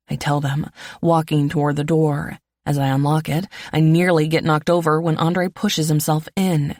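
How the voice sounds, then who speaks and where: A woman narrating a first-person romance audiobook in an even, low-key reading voice. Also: moderate pace, no echo, clean studio sound.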